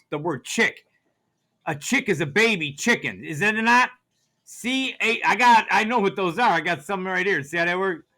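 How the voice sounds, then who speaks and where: A man's voice: sits high, creaky, pushed and bright. A man vlogging in a grocery store, ranting in a conspiratorial way and asking "see how that works" over and over. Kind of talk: ranting shopping vlog.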